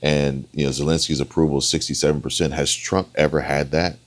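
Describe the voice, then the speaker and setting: A man's voice: a bass voice, flat delivery, fairly quick. A man giving emphatic reaction commentary, repeating his points and talking straight to his viewers. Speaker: political commentator.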